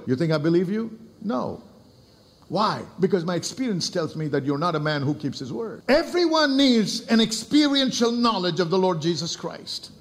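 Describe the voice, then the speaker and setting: A pastor preaching with a high, bright male voice that swings widely up and down. He hammers each point home, asks rhetorical questions and pauses to call on the church to answer back. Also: very animated. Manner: emphatic preaching with rhetorical questions and calls to the congregation. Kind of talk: sermon.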